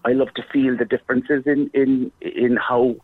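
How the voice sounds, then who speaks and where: A man's voice: medium pitch, level tone, normal speed, no room sound. Irish man on a tinny phone line. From Ireland. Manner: effusive, warm-hearted, rambling with restarts. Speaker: theatre performer guest. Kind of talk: casual interview chat.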